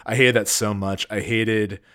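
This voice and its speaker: A man co-hosting a casual book podcast, animated and jokey, loosely rambling with lots of fillers. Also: lowish voice, a little slow. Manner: animated, jokey, reads passages aloud. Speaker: podcast co-host.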